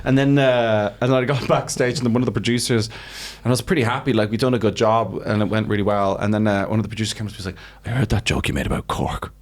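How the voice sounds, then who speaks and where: An Irish man, a comedian, tells stories in relaxed podcast chat. He jumps into other people's voices as he quotes them, so his delivery is lively and full of turns. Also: on the low side, fast talker, hardly any pauses. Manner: animated storytelling, acts out quotes. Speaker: guest comedian.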